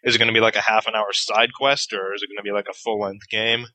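A man chatting on a casual podcast, teasing his co-hosts and breaking into laughter. His voice is very bright and sharp, and he talks loosely with plenty of fillers. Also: lowish voice, flat delivery, fast, dry recording, rough recording. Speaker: podcast co-host.

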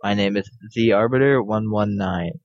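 A man's voice: fairly low pitch, normal speed, creaky, no echo, dull audio. A young man co-hosting a gaming podcast, reading listener mail with a hesitant, stumbling delivery. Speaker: podcast co-host. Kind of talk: casual chat, reading listener emails.

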